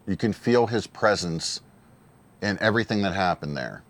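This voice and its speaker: A man's voice: low voice, lively intonation, moderate pace. A man giving casual, earnest solo commentary on a wrestling show, emotional and given to repeating himself.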